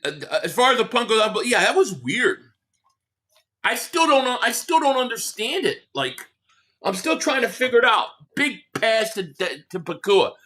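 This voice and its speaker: A man's voice: extremely high pitch, very animated, moderate pace, pushed and bright. A man hosting a live sports reaction stream, ranting heatedly and with lots of profanity while reading out viewer chats.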